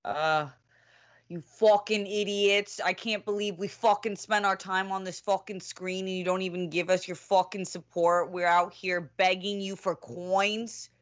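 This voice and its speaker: A woman's voice: mid-range voice, steady tone, a little slow, close to an everyday voice. A woman putting on a Boston accent to play a foul-mouthed local scolding her audience. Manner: scolding, swearing.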